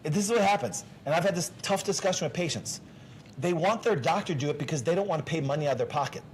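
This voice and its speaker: A man's voice: on the high side, lively intonation, fast, a little hiss or hum. A man hosting a casual health talk show as a doctor, talking emphatically, with restarts and rhetorical questions.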